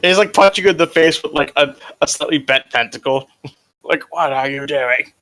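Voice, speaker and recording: A man's voice: on the high side, fairly quick, pushed and bright. A man running a tabletop role-playing game, chatting loosely, laughing often and rephrasing as he describes the action. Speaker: game master. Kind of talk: tabletop game session, casual narration.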